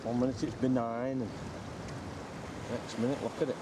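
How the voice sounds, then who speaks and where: A man's voice: mid-range voice, little pitch movement, moderate pace. A man filming himself while sea kayaking, chatting casually and exclaiming at the scenery as he paddles. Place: outdoors on open sea in a kayak. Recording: loud wind and water noise. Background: wind and waves.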